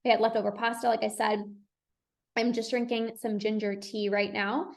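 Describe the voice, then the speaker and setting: A woman's voice: on the high side, level tone, normal speed, creaky. A young woman hosting a solo podcast as a binge eating coach, talking casually and reassuringly, with lots of "like". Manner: chatty, says "like" a lot, reassuring.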